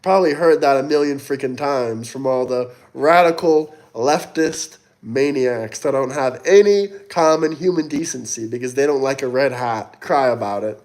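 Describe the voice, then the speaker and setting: Hosting a casual livestream, a man reads out super chats and taunts the commenters, sweaty and coughing occasionally. His mid-range, somewhat mellow voice moves at normal speed with hardly any pauses.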